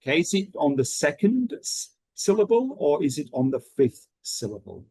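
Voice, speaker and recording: A man running an online teacher training session, talking in a steady rhythm with frequent ums and okays. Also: fairly high pitch, moderate pace, breathy edge, no echo, poor audio.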